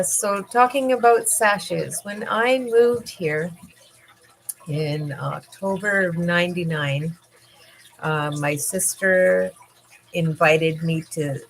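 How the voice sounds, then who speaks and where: Slow, low-voiced tired woman. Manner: halting, many fillers, laughs often. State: tired, yawning. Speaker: livestream host. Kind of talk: casual livestream chat.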